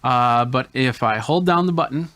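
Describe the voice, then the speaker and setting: A man's voice: mid-range voice, moderate pace, fairly bright tone, dry recording. A man hosting a tech channel, explaining camera gear hands-on in a casual demo. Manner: explains hands-on while demonstrating gadgets.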